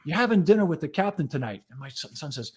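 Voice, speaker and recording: A man's voice: on the high side, expressive, fast. A man in his sixties, a fire chief and editor, telling profane, jokey stories in casual podcast chat. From United States. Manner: profane, jokey anecdotes with acted quotes.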